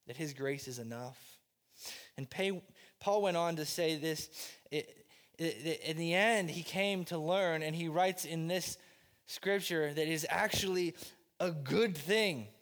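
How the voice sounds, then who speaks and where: A man preaching a sermon with passion, repeating phrases and swinging between loud pleading and quiet, low lines. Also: long reverb tail. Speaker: pastor.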